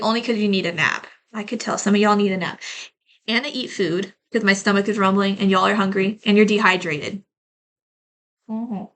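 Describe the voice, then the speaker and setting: A woman tarot reader talks straight to her viewers in a loose, rambling way, leaning on "like" as filler and calling them y'all. Her voice sits at a mid pitch with a crisp, bright edge. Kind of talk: casual collective tarot reading to camera.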